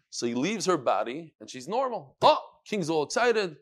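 A man teaching a Talmud class, telling the story with animated quotes and Hebrew and Aramaic terms. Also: fairly high pitch, normal speed, hardly any pauses.

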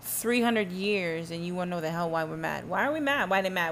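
A woman's voice: on the low side, animated, fairly quick, fairly bright tone, slight background noise. A woman hosting a solo podcast, ranting emphatically and sarcastically, firing rhetorical questions and humming asides. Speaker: podcast host.

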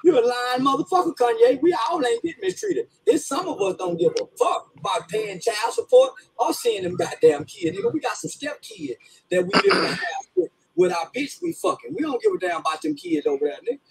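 A man in a played clip rants with profane comedy, laughing and half-crying as he goes. His very high-pitched voice is creaky, expressive and fairly quick, captured in a low-quality recording with slight background noise.

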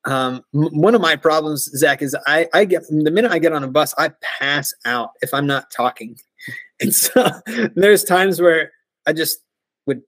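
Podcast guest, American man, 40s, upbeat storyteller, quick to laugh, higher voice, dry close mic. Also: dry recording. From United States. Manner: animated, laughs often, mimics voices in his stories. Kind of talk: casual storytelling interview.

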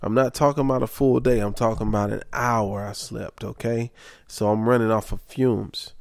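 A man's voice: on the low side, fairly even intonation, normal speed, creaky, no room sound, clean studio sound. A young adult man, worn out from lack of sleep, talking candidly and emphatically about his life. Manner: candid, emphatic, says okay often. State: sleep-deprived, tired. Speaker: vlogger. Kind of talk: casual personal monologue.

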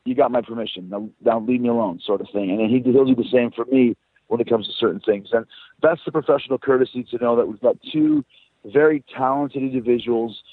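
A man's voice: mid-range voice, a little fast, no room sound. Man on a tinny phone line. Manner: loose, swearing, animated storytelling. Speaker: rock band frontman, guest. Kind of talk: casual phone interview.

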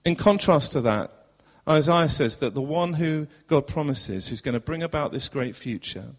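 A man with a southern English accent preaching a sermon as pastor in a church, earnest, asking rhetorical questions and moving between loud and hushed passages. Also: a little high, lively intonation, moderate pace. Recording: long hall reverb.

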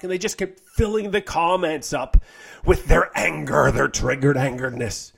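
A man's voice: a little high, lively intonation, normal speed, creaky. A man who is a health coach, ranting on his podcast in a blunt, profane, mocking way. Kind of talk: casual podcast rant.

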